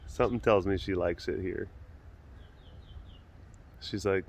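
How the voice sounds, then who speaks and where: A man's voice: steady tone, measured pace, darkish tone, slight background noise. A man hosting an outdoor webcast from a big cat compound, chatting and laughing as he walks around and coos at the animals. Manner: talks to the cats in a high doting baby voice; laughs often, playful asides voicing the animals. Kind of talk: casual chat to camera while walking around animal enclosures.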